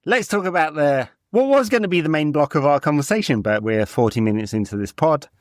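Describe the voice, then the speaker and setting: A man co-hosting a football podcast, animated, talking in bursts and tagging on "right?". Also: on the high side, fairly quick, no echo, clean studio sound. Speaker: podcast co-host. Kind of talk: casual football chat.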